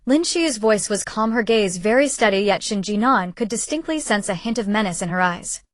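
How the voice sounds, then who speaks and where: A woman's voice: medium pitch, lively intonation, moderate pace, dry recording. Woman narrating a novel, dry close sound. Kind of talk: audiobook narration.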